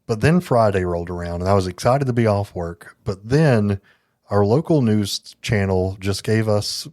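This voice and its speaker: A man's voice: fairly low pitch, moderate pace, a little mellow, dry recording, studio quality. A man co-hosting a podcast, chatting casually with playful, joking banter. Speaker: podcast co-host. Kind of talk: casual chat.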